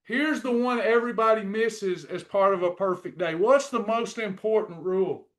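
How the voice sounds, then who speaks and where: High-pitched guy preaching diet rules to his class, faith stuff mixed in, keeps repeating himself. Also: moderate pace. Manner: preachy, repetitive, encouraging. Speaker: weight-loss program coach. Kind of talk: faith-based nutrition lesson.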